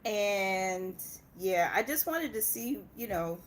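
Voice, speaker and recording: Chatty mom hosting a casual livestream. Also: female voice, medium pitch, lively intonation, takes it slowly, slight background noise. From Indiana, US. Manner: chatty, laughs often, talks back to her kids. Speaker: personal finance channel host.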